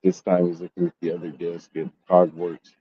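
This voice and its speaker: A man's voice: sits low, monotone, brisk, slightly rough, dry recording, muffled recording. A man telling a story in a casual gaming vlog, swearing and venting his frustration. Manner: profane, exasperated ranting. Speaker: gaming YouTuber.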